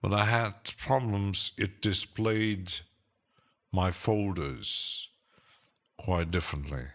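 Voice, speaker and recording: Very slow, low-voiced male streamer. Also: fairly even intonation, fairly bright tone. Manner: hesitant, with many fillers and chuckles, answering chat. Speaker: live stream host. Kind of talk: casual live-stream chat.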